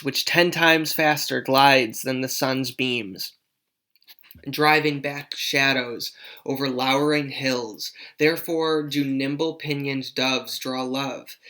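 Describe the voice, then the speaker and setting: A man voicing Juliet, an impatient young girl, reading her lines aloud with urgent, pleading emphasis. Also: mid-range voice. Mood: longing. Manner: pleading, urgent, louder than usual. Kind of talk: dramatic read-aloud of a play.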